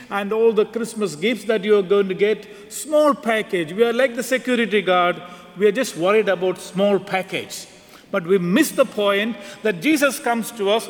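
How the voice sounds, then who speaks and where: High-pitched guy preaching a chatty homily, church echo behind him. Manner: conversational, non-native phrasing. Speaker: priest. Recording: reverberant church hall.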